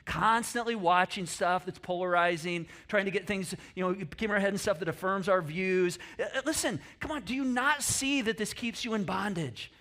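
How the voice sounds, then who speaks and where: A man's voice: high-pitched, moderate pace, hardly any pauses, pushed and bright. A middle-aged man from the United States preaching a sermon as pastor, earnest and conversational, asking the congregation questions and restarting his sentences.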